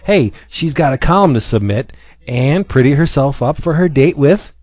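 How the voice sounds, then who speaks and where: A man's voice: mid-range voice, normal speed, no room sound, clean studio sound. A man casually chatting as a podcast host, retelling a comic with many fillers and acting out its lines. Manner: animated storyteller, acts out lines with many fillers. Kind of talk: casual chat.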